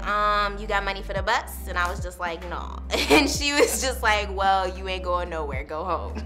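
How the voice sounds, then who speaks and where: A university student in her young adult years recounts her personal testimony openly and informally, full of "like" and "literally." She speaks in a mid-range voice with a bright, forceful tone.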